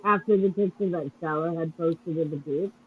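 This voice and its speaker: A woman's voice: on the low side, normal speed, slight background noise. A woman telling a rambling anecdote with plenty of fillers in a casual chat. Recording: tinny phone-like line.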